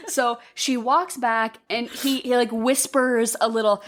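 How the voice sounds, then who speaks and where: A fairly high-voiced woman tells a film's story in a loose, rambling run of talk. She swears often and jumps into quick put-on voices for the characters as she goes. It sounds like a casual podcast chat between friends. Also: fairly even intonation, a bit bright. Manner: rambling, profane, acts out quotes in put-on voices. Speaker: podcast co-host. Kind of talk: casual movie recap chat.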